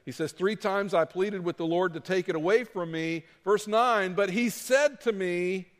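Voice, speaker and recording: A man preaching a sermon as pastor, dramatic, moving between loud pleading and quiet asides. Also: high-pitched, moderate pace, in a large hall.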